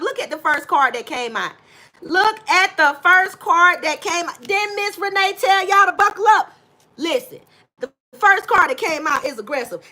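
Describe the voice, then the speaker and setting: A woman's voice: extremely high pitch, sharp tone. A woman giving a live tarot reading, effusive and repetitive, greeting chat viewers as baby and y'all. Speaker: tarot reader.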